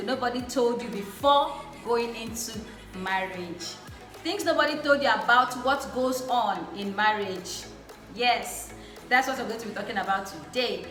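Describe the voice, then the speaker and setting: A young woman hosts her vlog with an effusive, repetitive way of talking. Her voice sits a little high. The room is echoey, and faint music plays behind her. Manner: warm, effusive, repeats phrases for emphasis. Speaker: vlog host. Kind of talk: casual chat.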